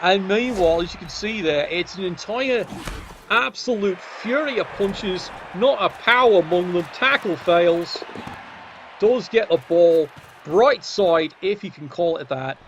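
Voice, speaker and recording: A man's voice: sits high, animated, measured pace, a bit bright, dull audio, slight background noise. A man giving cheeky, sardonic commentary on a tabletop game match.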